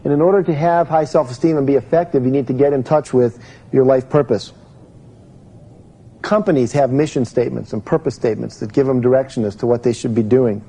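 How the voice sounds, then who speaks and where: Speaking briskly with a warm, medium-pitched voice and fairly even intonation, a man holds a live motivational seminar, chatting with the room and asking the audience questions. The recording is rough.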